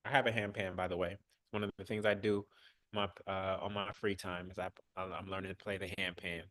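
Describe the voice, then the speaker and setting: A man's voice: low voice, flat delivery, brisk, fairly bright tone, dry recording, studio quality. A man hosting a live online coaching session, giving direct, coaxing instructions with casual slang. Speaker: workshop host.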